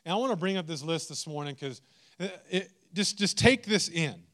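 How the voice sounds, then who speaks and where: A man preaching a sermon, animated and humorous, swinging into mock exasperation. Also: a little high, normal speed. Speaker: pastor.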